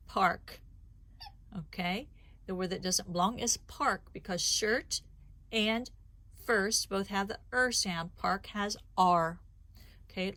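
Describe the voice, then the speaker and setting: Woman teacher, phonics lesson, slow careful enunciation, mid-range pitch. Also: fairly bright tone, dry recording. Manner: slow, deliberate sound-by-sound enunciation.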